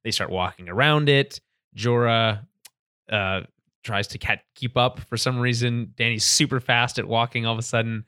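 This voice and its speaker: Laughing, animated podcast guy. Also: mid-range voice, normal speed, clean tone, dry recording, studio quality. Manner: animated, laughs often, many restarts. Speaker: podcast co-host. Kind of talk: casual chat recapping a TV episode.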